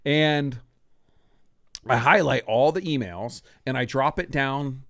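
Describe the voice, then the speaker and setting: A man in his sixties hosting a podcast, telling a story from his own life in a casual, animated way, acting out what people said and often laughing. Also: medium pitch, slow, dry recording, studio quality. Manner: animated, acts out quoted lines, laughs often.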